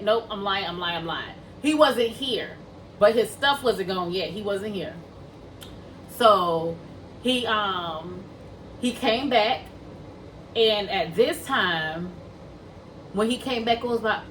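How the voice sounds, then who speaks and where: A woman's voice: medium pitch, lively intonation, takes it slowly, long pauses, fairly bright tone, distant mic, a little hiss or hum, rough recording. A woman casually tells a personal story to her viewers, talking them through it and acting out what people said. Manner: chatty, addresses viewers as y'all, acts out quoted dialogue. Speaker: vlogger telling a personal story.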